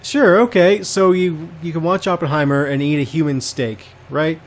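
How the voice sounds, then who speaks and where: A man's voice: fairly high pitch, fairly even intonation, moderate pace. A man co-hosting a comedy podcast in casual chat, playing along with mock disbelief. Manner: incredulous, playing along, laughing. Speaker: podcast co-host.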